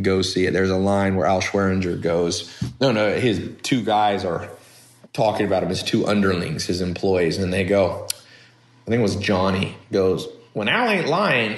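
A man hosting a podcast, talking in a blunt, rambling casual monologue with animated asides. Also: fairly low pitch, echoey room. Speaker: podcast host.

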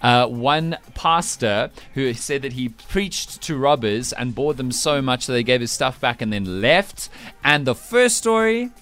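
A man's voice: medium pitch, lively intonation, unhurried, fairly bright tone. Teasing male radio host. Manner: teasing quizmaster. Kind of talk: playful radio banter. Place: radio studio.

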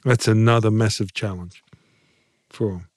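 A man's voice: fairly low pitch, steady tone, moderate pace, a little mellow, no room sound, studio quality. Blunt man talking footy. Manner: blunt, passionate, folksy. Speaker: podcast co-host, former rugby league player. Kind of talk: casual sports chat. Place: podcast studio.

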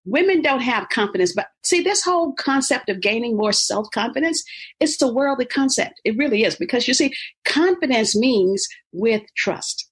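Husky-voiced woman, emphatic and preacherly. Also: fairly high pitch, lively intonation, fairly quick. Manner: emphatic, preacherly, laughs easily. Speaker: faith-based motivational speaker and author. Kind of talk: interview conversation.

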